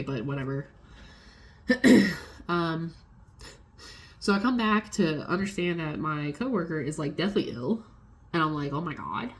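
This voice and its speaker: Low gravelly woman telling a storytime. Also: slight background noise. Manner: swearing, animated retelling with quoted voices. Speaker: vlogger. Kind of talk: casual storytime.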